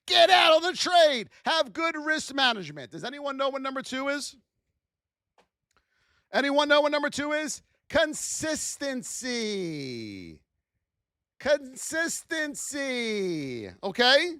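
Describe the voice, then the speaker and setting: High-pitched guy running a trading livestream, super animated, hyping the chat, dry sound. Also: moderate pace, dry recording. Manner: high-energy, hype-driven, rhetorical questions to chat. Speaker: trading educator hosting a livestream. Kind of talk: live-stream trading lesson.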